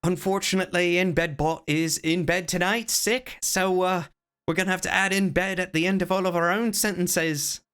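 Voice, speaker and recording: A man chatting casually on a live game stream, playful and joking, sometimes hamming up a deliberately bad Irish accent, at a desk microphone at home. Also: high voice, steady tone, fairly bright tone, clean tone. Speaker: variety streamer. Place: home room with closet doors.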